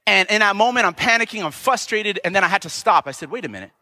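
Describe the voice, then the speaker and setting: A man delivers a fervent sermon, his high voice climbing into emphatic shouts. The tone is bright and ringing. A long church-hall reverb trails each phrase. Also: quick pace. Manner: impassioned, rising to emphatic shouts. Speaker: preacher. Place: church sanctuary.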